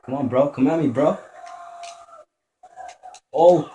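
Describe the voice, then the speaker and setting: His voice sits on the high side, slow and dark, as the young man talks through his gameplay. He curses a lot, gets jumpy, and mutters under his breath in an echoey room with faint noise behind him.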